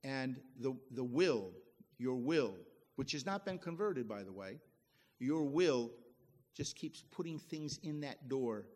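A man's voice: medium pitch, expressive, slow pace, darkish tone, in a large hall. A middle-aged man preaching a sermon as pastor, folksy and emphatic, often restarting his phrases.

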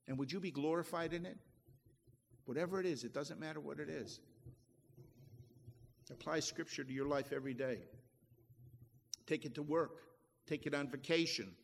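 A man's voice: a little high, big-room sound. A middle-aged man preaching a sermon as pastor, folksy and emphatic, often restarting his phrases.

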